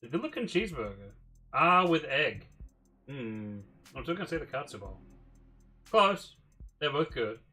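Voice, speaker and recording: A man's voice: mid-range voice, sing-song, moderate pace, sharp tone, faint music behind. A man streaming a game, musing aloud in a casual, mildly profane way. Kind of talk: casual livestream commentary.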